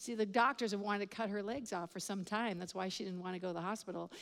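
A woman's voice: mid-range voice, quick pace, vocal fry. A middle-aged woman preacher telling a story in a sermon, acting out the voices of the people in it. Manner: animated storyteller acting out dialogue. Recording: long hall reverb.

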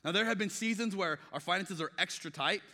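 Middle-aged male pastor, bright forceful delivery, chatty sermon style, echoing church hall. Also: sits high, fairly quick. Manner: conversational, acts out quoted dialogue, frequent restarts. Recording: long reverb of a large hall.

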